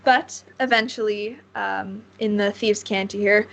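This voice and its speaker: A woman narrating a tabletop game as game master, relaxed and rambling with frequent fillers. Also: mid-range voice, unhurried, vocal fry, few pauses, poor audio.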